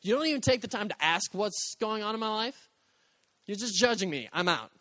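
A young male pastor with a notably high voice delivers a heartfelt, conversational sermon, slipping into the voices of the people he quotes. The sound is close and dry, with no room echo. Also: expressive, fairly quick, sharp tone.

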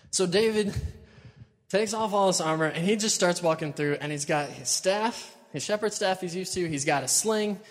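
A man from the United States, preaching a sermon with animated, dramatic storytelling. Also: on the high side. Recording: long hall reverb.

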